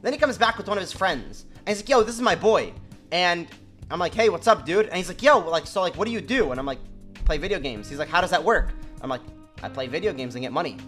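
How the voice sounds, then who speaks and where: Fast-talking young man telling a story. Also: high-pitched, big pitch swings, a bit bright, soft background music. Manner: fast slangy storytelling, quotes people in their voices; swearing, repeats "you know what I'm saying". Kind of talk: casual storytelling to stream.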